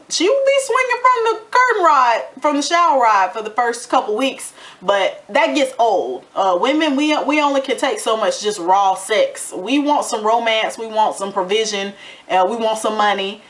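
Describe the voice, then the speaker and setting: A woman talks through a reality TV episode in a sassy, chatty way, now and then acting out lines from the people on the show. Her voice sits at a middle pitch. She sounds like a casual vlogger talking straight to her viewers. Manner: animated, sassy commentary with acted-out quotes. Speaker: TV recap vlogger.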